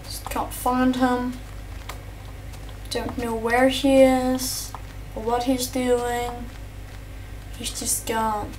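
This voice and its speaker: A young male gamer doing rambling, excitable let's-play commentary, chatting to his viewers and his in-game pet. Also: mid-range voice, slow, pauses often, slight background noise. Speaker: gameplay commentator. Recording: distant mic with faint keyboard typing.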